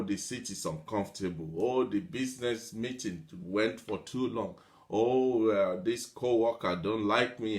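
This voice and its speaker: Lowish and somewhat dark in tone, a man's voice carries a motivational talk built on long, repetitive lists of examples. He does impressions of whiny complainers and lets out light laughs between points.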